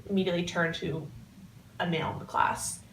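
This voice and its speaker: A young woman in her twenties speaks hesitantly in an interview, pausing on "um" and "like". She sounds distant from the mic, in an echoey space. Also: on the low side, flat delivery, a bit bright, slight background noise. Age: 20s. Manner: hesitant, with many "um"s and "like"s. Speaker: computer science student. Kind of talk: interview answers.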